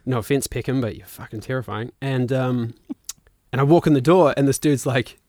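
A man in his thirties with a New Zealand accent, telling a long casual story as a podcast guest, animated, laughing and swearing freely. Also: medium pitch, moderate pace, no echo, studio quality. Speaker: guest musician and actor.

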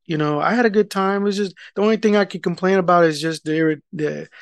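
A man, telling a casual, profane story and loudly acting out the people in it. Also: sits high, quick pace, clear, resonant tone, no echo. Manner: animated, profane, rant-like, acts out quoted people loudly. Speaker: podcast co-host telling a story.

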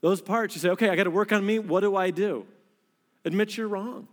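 A man in his thirties delivers a sermon in a big hall, his voice sitting on the high side. He preaches with lively, animated storytelling, his pitch shooting up when he gets worked up. A long reverb trails his words through the room. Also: fast talker. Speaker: pastor.

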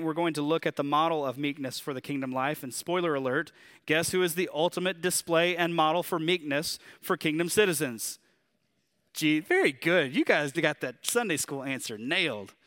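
Animated Southern man preaching a sermon. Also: a little high. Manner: conversational and animated, with rhetorical questions. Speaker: pastor.

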